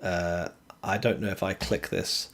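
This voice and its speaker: A man with a fairly low voice hosts a live stream and walks his viewers through the details point by point. He talks steadily and fills his pauses with plenty of ums. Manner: explanatory, steady, frequent ums. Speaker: streamer host. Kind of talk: casual esports commentary.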